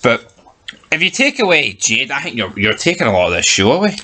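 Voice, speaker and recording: A man co-hosting a casual TV review chat, animated and swearing freely as he rants. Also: mid-range voice, brisk. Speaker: TV review podcast co-host.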